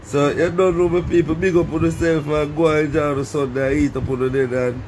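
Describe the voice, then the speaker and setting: A man's voice: fairly high pitch, level tone, a little fast, darkish tone, slight background noise. A man with a Caribbean accent chatting casually to his viewers in a rambling, Creole-tinged way, breaking into laughter and calling out to them. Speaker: vlogger.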